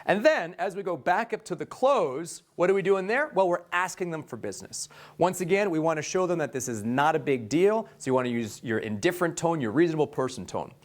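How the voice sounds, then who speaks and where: A young adult man giving an energetic sales training talk, jumping between bright high delivery and low hushed tones. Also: a little fast. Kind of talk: instructional talk to a sales team.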